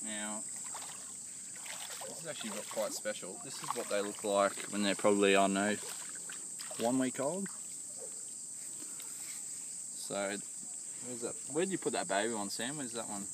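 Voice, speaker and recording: Laid-back Australian man, low voice. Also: unhurried, long pauses. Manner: laid-back, says "mate" a lot, gives safety tips. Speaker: host. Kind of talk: casual outdoor crabbing video. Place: outdoors by an estuary. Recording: distant camera mic with loud outdoor noise.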